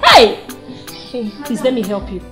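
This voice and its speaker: An actress with a Nigerian accent playing a loud, bossy young woman who shields her friend and insults a man. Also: on the high side, huge pitch swings, measured pace, soft background music. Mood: fussing.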